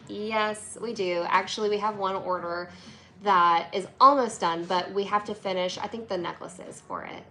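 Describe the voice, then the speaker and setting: A woman's voice: medium pitch, steady tone, moderate pace, bright, forceful tone, slight background noise. A woman hosting a casual livestream from her workshop, chatty and bubbly, reading viewer comments aloud and laughing often. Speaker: livestream host, flower preservation business owner.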